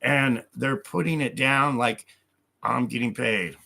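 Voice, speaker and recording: A man's voice: mid-range voice, slow, vocal fry, pushed and bright. A man on a live stream who reads hostile comments aloud and answers them in an angry, profane rant, speaking of God with heavy conviction.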